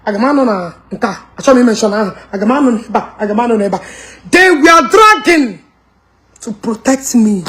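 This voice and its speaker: A woman speaks at a medium pitch in a darkish tone, racing along with few pauses. She is a social media commentator with a Nigerian Igbo accent, delivering a heated, mocking rant that mixes English and Igbo, punctuated by scornful laughter.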